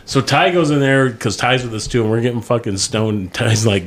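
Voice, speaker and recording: A man's voice: mid-range voice, brisk, hardly any pauses, slight background noise. A middle-aged man, telling a story in a casual chat, swearing constantly and laughing as he goes. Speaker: podcast co-host.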